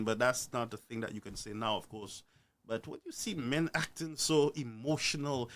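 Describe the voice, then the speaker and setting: Male streamer, preachy live rant, lively swooping pitch, slightly high voice. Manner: animated, preachy, rhetorical questions. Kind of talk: ranting live-stream commentary.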